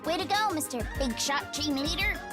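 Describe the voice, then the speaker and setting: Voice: high voice, expressive, normal speed, loud music behind the voice. A streamer putting on the voice of a cheery young woman engineer in a visual novel, bubbly and teasing. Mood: chipper.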